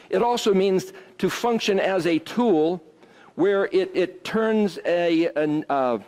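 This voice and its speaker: A man teaching a Bible study class to a group, explaining word roots in an animated, exclamatory way. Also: high voice.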